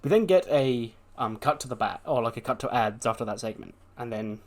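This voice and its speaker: A man's voice: medium pitch, animated, a little fast, a little mellow. A man narrating a wrestling management game in a rambling, casual way with lots of fillers. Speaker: game commentator. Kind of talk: casual let's-play narration.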